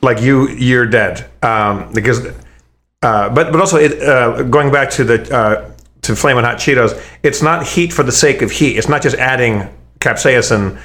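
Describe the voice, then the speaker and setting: A man's voice: medium pitch, normal speed, fairly bright tone. A man in casual chat, rambling with many restarts and swearing freely as he tells food stories.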